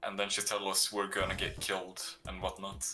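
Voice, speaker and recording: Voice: deep voice, completely flat delivery, brisk. Casual let's-play co-host dubbing game lines. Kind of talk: reading a game script aloud and chatting. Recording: voice over loud game music. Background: game music.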